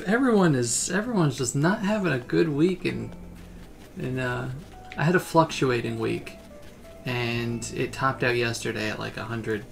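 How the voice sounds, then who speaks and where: A man's voice: mid-range voice, vocal fry. A man chatting casually on a livestream while playing a game, laid-back and rambling. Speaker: game streamer. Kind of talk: relaxed livestream chat.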